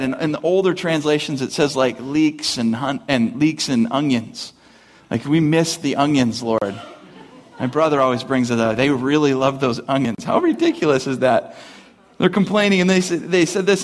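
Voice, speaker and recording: A pastor preaching a sermon in a conversational, storytelling way, with many asides, and rising high and loud for emphasis. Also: male voice, lively intonation, moderate pace.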